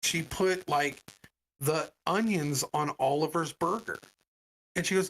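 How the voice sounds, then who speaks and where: A man co-hosting a podcast, telling a story in casual chat and acting out the people he quotes. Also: unhurried. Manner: animated, voices quoted people with big pitch jumps. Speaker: podcast co-host.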